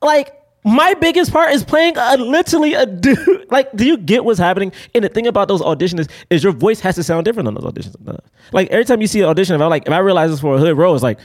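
A young man co-hosts a casual film-review podcast, speaking high and fast. He's emphatic and animated, with casual swearing.

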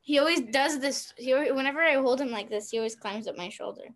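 High-voiced, giggly woman. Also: fast talker. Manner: playful, giggly, coos over a pet. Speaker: vlog co-host. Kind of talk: casual chat.

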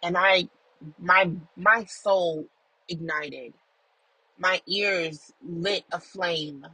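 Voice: medium pitch, extremely slow, pushed and bright, breathy edge, dry recording, low-quality recording. A person recording a casual audio journal in a car while driving, telling a story in an emphatic, profane way. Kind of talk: casual venting monologue.

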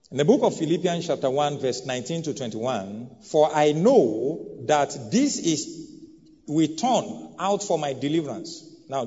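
A man, a pastor preaching a sermon to a congregation in a church hall, with big swings in volume and emphasis. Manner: preaching with bold swings of pitch and loudness. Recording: dull sound with long hall reverb.

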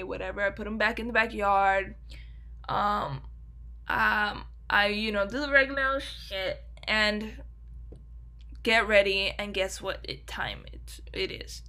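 A young woman telling a story in a casual solo podcast, swearing freely and cutting herself off. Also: mid-range voice. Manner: swears freely, animated, self-interrupting. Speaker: podcast host.

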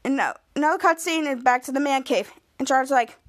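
High-voiced woman recapping a TV episode. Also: fast talker. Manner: retells scenes with quoted lines, pitch jumping up for each line. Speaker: podcast host.

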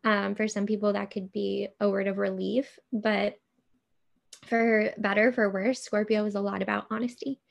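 Raspy-voiced woman co-host. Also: mid-range voice, flat delivery, moderate pace, muffled recording. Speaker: podcast co-host. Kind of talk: casual astrology chat.

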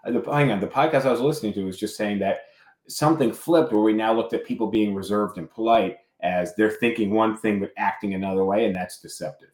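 A man's voice: lowish voice, a little fast, a little mellow. A man co-hosting a casual podcast chat, talking hesitantly with many restarts and fillers. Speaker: podcast co-host. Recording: roomy echo.

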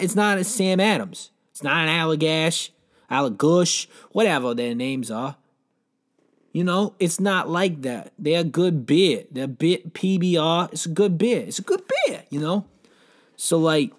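A young man rambling through a comic monologue, full of fillers and restarts, telling silly made-up stories with mock seriousness. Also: a little high. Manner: meandering, filler-heavy, deadpan mock storytelling.

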